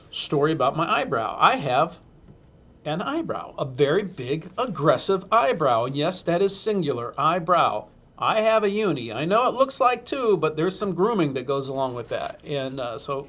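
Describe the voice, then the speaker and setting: A man's voice: on the high side, fairly bright tone, dull audio. A man, a school superintendent, telling a humorous self-deprecating story to an audience and acting out the quotes.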